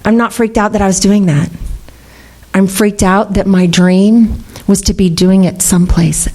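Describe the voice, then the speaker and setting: A woman's voice: mid-range voice, steady tone, a little slow, a little mellow. A middle-aged woman speaking at a recovery meeting, candid and laughing often as she tells her story. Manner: candid, laughing, swearing freely. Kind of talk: personal recovery talk. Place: meeting room.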